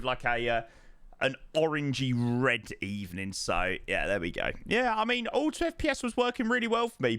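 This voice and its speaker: A man live-streaming a flight sim, chatting excitedly and thanking subscribers, calling everyone mate. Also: fairly high pitch, no echo. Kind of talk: live stream chat while flying.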